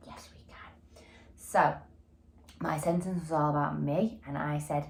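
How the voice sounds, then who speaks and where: A woman teaching a phonics lesson to a reception class, animated and sing-song, stretching words out slowly. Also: deep voice, gravelly, reverberant. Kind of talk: phonics lesson for young children.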